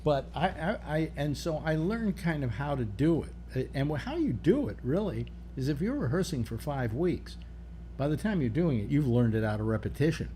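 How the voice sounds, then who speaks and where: An older man hosts a loose panel chat, rambling and sarcastic, restarting his sentences often. His pitch swings widely while his tone stays mellow. A faint hiss sits under the voice. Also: sing-song, normal speed. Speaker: radio show host.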